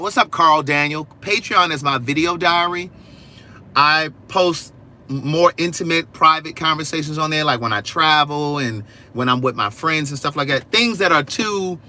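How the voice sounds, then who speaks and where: A man hosting a casual outdoor livestream, talking directly to his viewers in an animated, chatty way. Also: fairly high pitch. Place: outdoors in a yard.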